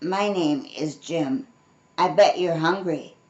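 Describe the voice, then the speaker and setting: An older woman voicing a gentle male wildlife keeper in a storybook, soothing and kind, her voice pitched down. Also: normal speed, lo-fi sound, natural voice. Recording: roomy echo.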